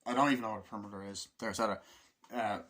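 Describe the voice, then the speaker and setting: A man with a fairly low voice talks through a film review off the cuff. He rambles, leans on fillers and swears freely, now and then acting out bits of the movie's dialogue. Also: steady tone, very fast, fairly bright tone. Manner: rambling, filler-heavy, swears often, acts out film lines. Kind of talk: casual spoken film review.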